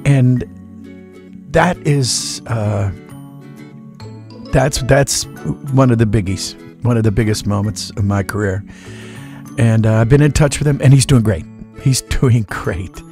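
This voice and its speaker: A man's voice: fairly low pitch, normal speed, warm tone, faint music behind. Chatty man telling stories in an interview. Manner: chatty, folksy, acts out voices in anecdotes. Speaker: voice actor guest. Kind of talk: relaxed interview storytelling.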